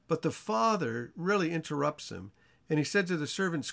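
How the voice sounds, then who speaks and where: A man's voice: normal speed, vocal fry. A man teaching an informal Bible study sermon in a conversational way, asking his listeners questions and acting out the characters' lines. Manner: animated storytelling, acts out the characters' lines with rising pitch.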